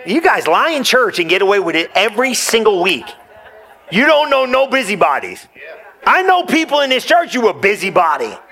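High, bright-voiced energetic preacher man. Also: gravelly. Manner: energetic, joking with the congregation, rising to near shouts. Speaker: pastor. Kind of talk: sermon. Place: church.

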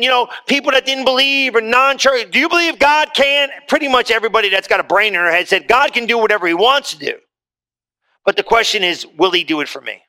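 A man delivering a sermon to a congregation, talking plainly and directly and then lifting into emphatic scripture reading. His voice sits high for a man and has a bright, sharp edge. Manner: conversational preaching, rising to emphatic reading of scripture. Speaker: pastor. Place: church hall with congregation.

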